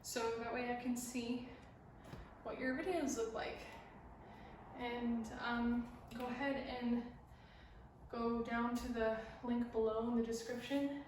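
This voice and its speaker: A woman's voice: a little high, fairly even intonation, takes it slowly, recorded from a distance, a little hiss or hum. Breathless young woman teaching dance, echoey room. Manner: counts steps and sings lyrics while dancing. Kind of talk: dance tutorial, counting and singing along.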